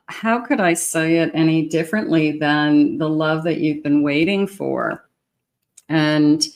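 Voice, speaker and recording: A woman giving a love tarot reading, speaking straight to the viewer in an encouraging way with frequent pauses and fillers. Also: low-pitched. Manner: warm, encouraging, talks directly to the viewer with many fillers. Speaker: tarot reader.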